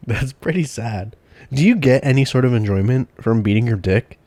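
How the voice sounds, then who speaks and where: A man co-hosting a casual chat podcast, blunt and deadpan, swearing often. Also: medium pitch, normal speed, dry recording. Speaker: podcast co-host.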